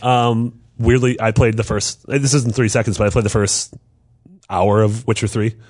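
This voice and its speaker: A man's voice: lowish voice, level tone, moderate pace, darkish tone, no echo, clean studio sound. A man co-hosting a casual chat about video games, joking and laughing through his lines. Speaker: podcast co-host.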